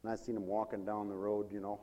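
A man preaching a sermon with fervor, swinging from loud cries to hushed storytelling. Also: lowish voice, level tone, quick pace. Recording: reverberant hall.

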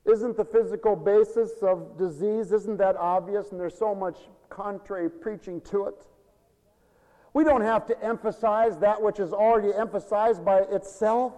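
A man preaching a sermon, swinging between loud, drawn-out declaiming and low murmurs, with frequent chuckles. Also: fairly even intonation, big-room sound, low-quality recording.

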